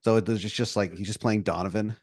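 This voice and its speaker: Low-voiced male podcast co-host, rambling improv storyteller, dry close sound. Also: fairly even intonation, quick pace, darkish tone, husky, no room sound. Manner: rambling, full of likes and restarts.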